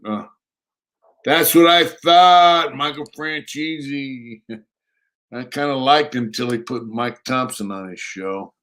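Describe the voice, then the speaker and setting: A man chatting casually on a livestream, rambling and repeating himself, reading out viewer comments and talking to his dog in between. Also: mid-range voice. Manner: rambling, repeats himself, reads chat aloud. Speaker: livestream host.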